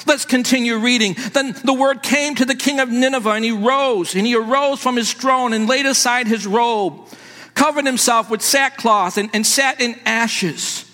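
A man with a very high, bright voice preaches an emphatic sermon. His words ring out across a church sanctuary with a long reverb trailing behind them. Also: normal speed, soft background music. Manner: emphatic preaching with calls to the congregation. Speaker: pastor.

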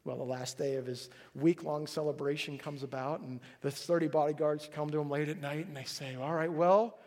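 High-voiced animated preacher man. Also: a little fast, in a large hall. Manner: animated storytelling, acts out characters, jokey asides. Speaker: pastor. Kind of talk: sermon.

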